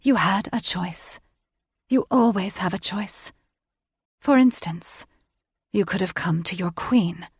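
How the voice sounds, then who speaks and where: A cold, condescending fae queen, as a woman narrator puts her on hands down clipped orders in a slightly raised, commanding voice. The delivery is measured and unhurried. The sound is dry and close, with no room around it. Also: mid-range voice, husky, no echo, heavily acted. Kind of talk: audiobook character voice.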